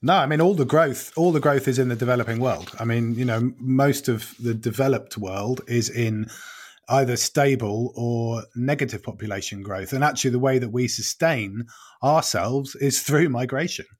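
A man in a relaxed podcast chat. He speaks in a measured, careful way and hedges his points with fillers like "you know". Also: mid-range voice, breathy edge. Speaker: podcast panelist. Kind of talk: casual podcast discussion.

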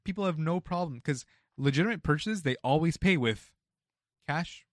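A young man, a retail store worker, casually telling an animated work story, acting out quotes and swearing freely. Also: a little high, moderate pace, dry recording, studio quality.

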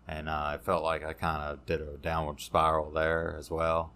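A man, a podcast guest telling his recovery story in a halting, casual way, full of fillers and restarts. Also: a bass voice, completely flat delivery, pushed and bright.

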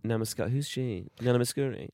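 A man's voice: medium pitch, brisk, warm tone, no room sound. A man co-hosting a casual comedy podcast, making dry, playful, teasing remarks. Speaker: podcast co-host.

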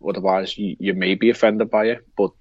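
This man co-hosts a podcast in a Liverpool accent, rambling through casual chat, hesitating, using lots of fillers and frequently restarting sentences. His voice is low and steady and fairly quick, on a lo-fi recording with no room sound.

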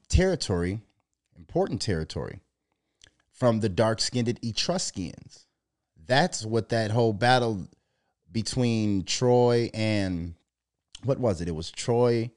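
A man talking in a loose, profane monologue, telling animated stories and putting on mocking voices as he quotes people. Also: lowish voice. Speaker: podcast co-host. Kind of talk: casual monologue.

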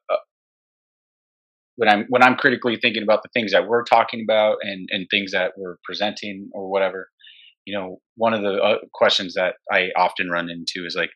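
A man's voice: on the low side, bright, forceful tone. A man co-hosting an education podcast, speaking directly and emphatically in casual conversation, sometimes bluntly.

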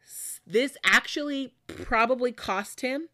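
A woman's voice: fairly high pitch, slow, sharp tone, no echo, studio quality. A woman podcast host telling a story in a casual, conversational way, with many fillers. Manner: conversational, with frequent fillers and laughs.

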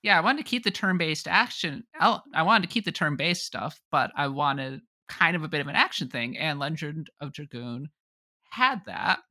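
A podcast co-host in a casual chat, giving wry, measured opinions. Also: mid-range voice, lively intonation, sharp tone.

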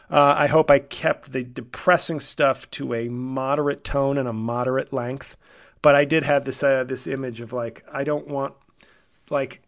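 Man, comedian podcast host, solo monologue, rambling, sardonic, self-deprecating, mid-pitched voice. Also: vocal fry.

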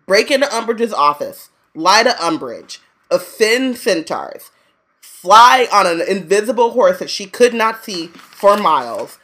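A woman co-hosting a podcast, ranting casually with profanity and a quick laugh. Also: mid-range voice, big pitch swings, fairly bright tone. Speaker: podcast co-host. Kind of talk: casual chat.

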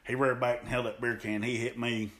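A man's voice: mid-range voice, level tone, brisk, fairly bright tone. A man in a podcast interview recounts old wrestling matches with animation. He talks in a mid-range voice, slipping into acted-out quotes and laughing often. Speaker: podcast guest, pro wrestler. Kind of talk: storytelling in an interview.

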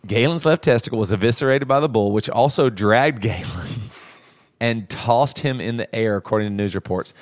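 A man's voice: medium pitch, moderate pace, dry recording, studio quality. A man co-hosting a podcast who reads news stories aloud, stumbling over words and laughing as he jokes. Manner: stumbling, joking, laughs while reading. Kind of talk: casual chat.

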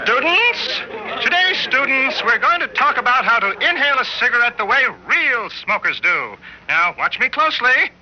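Male actor as a cheerfully clueless teacher, high and lively, on a dull hissy ad. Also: moderate pace. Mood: mock-earnest. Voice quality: coughing, chuckling, mock-earnest. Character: bumbling male smoking teacher, cheerfully oblivious. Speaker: comic teacher in an ad. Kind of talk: comic public-service ad. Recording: old radio ad, dull with clear hiss.

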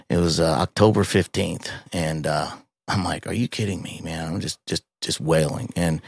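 Deep gravelly middle-aged man, halting and raw. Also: dry recording, clean studio sound. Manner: raw, halting, swears often, with many restarts and fillers. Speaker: podcast guest. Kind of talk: emotional personal storytelling.

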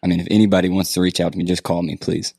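A man chats as a podcast guest, easygoing and quick with dry, deadpan jokes. His voice is low, and the recording is close and dry. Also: slightly rough, no room sound. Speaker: guest, marketing business owner. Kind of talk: casual interview chat.

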